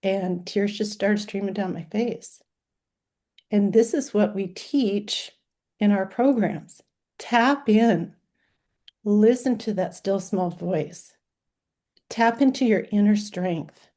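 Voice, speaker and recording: A woman's voice: medium pitch, takes it slowly, dark tone. A woman in her sixties, a former dental hygienist turned life coach, talking earnestly and heartfelt in long runs of short listed phrases. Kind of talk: heartfelt personal talk.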